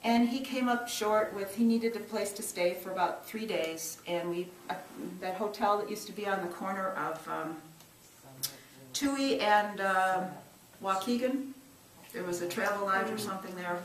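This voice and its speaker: A woman's voice: medium pitch, moderate pace, slight background noise. Earnest woman telling a church story. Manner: earnest, reflective, with many restarts and emphatic rises. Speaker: church social service minister. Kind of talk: personal storytelling testimony. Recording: roomy sound from a distance, faint ambience.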